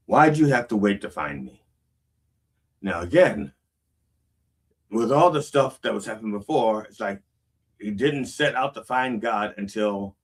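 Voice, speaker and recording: A man's voice: on the low side, slightly rough, recorded from a distance. A man preaching a casual sermon, reading song lyrics aloud and explaining them with frequent "okay?" checks. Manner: conversational, reads lyrics aloud then unpacks them. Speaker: pastor.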